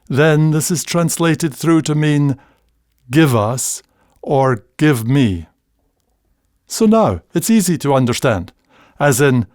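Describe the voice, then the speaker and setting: A man's voice: medium pitch, no echo. An older Scottish man with a Scottish accent, hosting a reflective podcast monologue in a dry, wry storytelling manner that savors dialect words. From Scotland. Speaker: podcast host.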